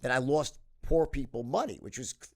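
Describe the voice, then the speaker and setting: A man's voice: medium pitch, a little fast, creaky. A middle-aged man as a podcast guest, telling stories animatedly with lots of swearing and restarts. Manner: animated, profane, frequent restarts and "right?". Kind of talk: casual interview storytelling.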